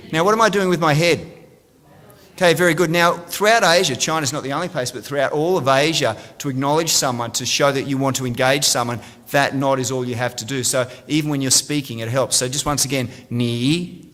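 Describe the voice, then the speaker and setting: A man's voice: medium pitch, fairly bright tone. A middle-aged Australian man giving a conference talk, upbeat and drawing the audience in with questions. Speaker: conference speaker. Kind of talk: conference presentation. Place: large conference room. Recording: reverberant hall.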